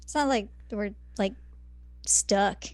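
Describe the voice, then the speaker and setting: A woman's voice: mid-range voice, slow, a little mellow, no echo. A woman co-hosting a casual podcast, chatty with wry quips. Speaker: podcast co-host. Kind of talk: casual chat.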